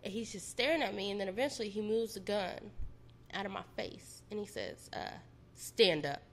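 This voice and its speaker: A woman's voice: medium pitch, brisk, creaky. A woman recounting her own experience in plain, unpolished talk. She is blunt and freely profane, with a voice of ordinary height for a woman. A faint noise sits behind her. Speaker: storyteller. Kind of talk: casual personal storytelling.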